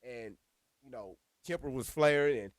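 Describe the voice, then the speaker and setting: A man casually telling a personal story to viewers, animated and profane, calling them y'all. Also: mid-range voice, moderate pace, dry recording, clean studio sound. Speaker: storyteller recounting a personal incident.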